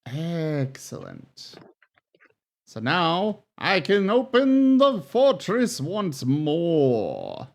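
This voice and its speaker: A man's voice: fairly high pitch, huge pitch swings, extremely slow. A man playing a game on stream, reacting aloud to it in a playful, casual way. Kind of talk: casual let's-play commentary.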